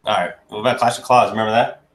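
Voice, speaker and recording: A man's voice: fairly low pitch, steady tone, fast talker. A man in casual chat on a video call, teasing and joking with his friends.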